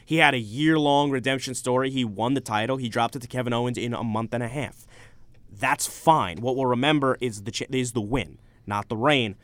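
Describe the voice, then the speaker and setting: Smooth-voiced young male radio host. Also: medium pitch, a little fast, no room sound. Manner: animated, opinionated, talks over co-hosts. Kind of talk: casual sports talk radio. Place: college radio studio. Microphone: studio microphone.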